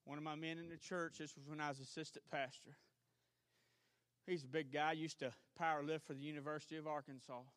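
Bright-voiced Southern preacher man. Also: a little high, little pitch movement, a little fast, dry recording, studio quality. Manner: preaching, swings from shouting to hushed storytelling. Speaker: pastor. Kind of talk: sermon. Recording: archived church service.

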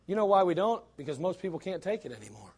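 A man's voice: sits high, very animated, fast talker, darkish tone, husky. A man preaching a sermon in a blunt, emphatic way, full of rhetorical questions.

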